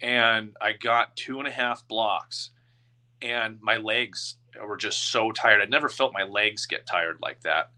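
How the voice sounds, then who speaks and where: A man in his thirties, a guest telling a personal story in an open, emotional and halting way. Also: lowish voice, bright, forceful tone.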